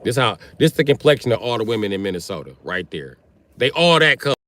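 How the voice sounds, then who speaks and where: A man's voice: fairly low pitch, sing-song, fast, a bit bright, no echo. A man hosting a livestream, ranting crudely and teasing his chat as he riffs off their comments. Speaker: livestream host. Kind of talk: profane comedic rant to chat.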